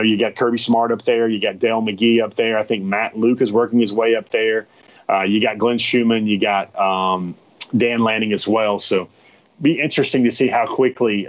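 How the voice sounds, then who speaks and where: A man's voice: lowish voice, lo-fi sound. A man hosting a live stream, talking casually to his viewers in a rambling, chatty way that often repeats itself.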